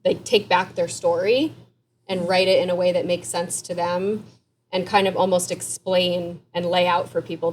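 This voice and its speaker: A woman therapist and author answering interview questions in a candid, conversational way, with quick asides and light laughs. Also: lowish voice, little pitch movement, a little hiss or hum.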